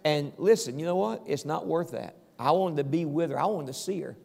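A man's voice: fairly high pitch, brisk, creaky, a little mellow. An older man preaching a conversational sermon as pastor, often checking in with the congregation and chuckling now and then. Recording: long reverb of a large hall.

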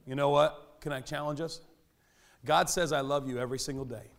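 Animated preacher man, slightly high voice. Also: brisk, gravelly. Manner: animated, conversational preaching with self-deprecating humor. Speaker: pastor. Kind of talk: sermon. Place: church sanctuary.

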